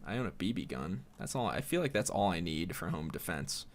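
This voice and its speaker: Low-voiced guy on his solo podcast, swears a lot, rambles, voice goes up and down a lot. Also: very animated, a little fast. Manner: profane, rambling, sardonic. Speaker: podcast host.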